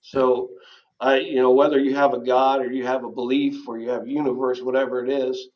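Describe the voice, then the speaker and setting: A man being interviewed, telling a personal recovery story in a halting, earnest way with frequent throat clearing. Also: medium pitch, level tone, dull audio. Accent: Southern American. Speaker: interview guest. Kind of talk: candid personal testimony.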